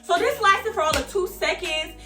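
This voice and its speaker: A young woman telling a personal story to her viewers in a casual, animated, profane way, often calling them y'all. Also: very high-pitched, moderate pace, music in the background. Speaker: vlogger. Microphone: camera mic. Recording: roomy echo, distant from mic.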